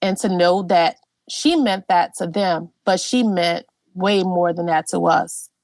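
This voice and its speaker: Brief: middle-aged woman, lively heartfelt storyteller, dry close sound. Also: on the low side, unhurried, no echo. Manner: animated, heartfelt, with frequent fillers. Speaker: guest genealogist. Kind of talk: personal storytelling.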